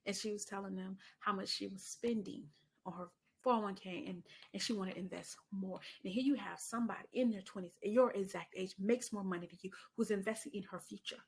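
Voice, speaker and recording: Middle-aged woman podcast host, mid pitch with some fry, casual chatty delivery, says honey. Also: fairly even intonation, a little fast. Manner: chatty storytelling, calls listener honey.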